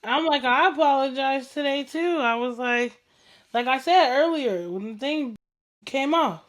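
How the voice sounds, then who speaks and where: A woman hosting a casual chat show, telling stories in an animated, slangy way, acting out what people said and laughing often. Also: high-pitched, measured pace. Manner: animated storytelling, acts out quoted dialogue, laughs often; slangy and informal. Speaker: podcast host.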